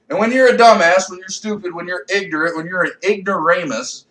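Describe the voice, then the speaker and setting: Brief: young male comedian, high-pitched, profane rambling rant, recorded off-mic in an echoey room. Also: recorded from a distance. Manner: rambling, swings between low mutters and loud outbursts.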